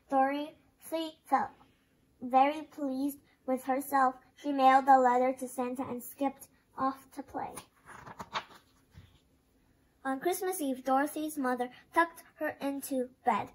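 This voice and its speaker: A woman reads a children's picture book aloud with expressive storytelling. Her voice sits high and clear, in a steady read-aloud manner. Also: unhurried, low-quality recording. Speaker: storybook reader.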